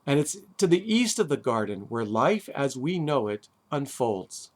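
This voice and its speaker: A man, a rabbi, giving a sermon on the weekly Torah portion, deliberate with dramatic pauses and wry asides. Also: mid-range voice, big pitch swings. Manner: deliberate, with long dramatic pauses and emphatic stresses.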